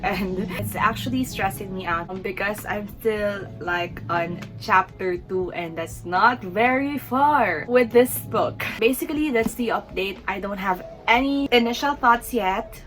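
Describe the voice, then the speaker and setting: A young woman from the Philippines giving casual, chatty reading-vlog updates to camera, self-deprecating and animated. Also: medium pitch, low-quality recording. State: sniffly from allergies. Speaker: book vlogger.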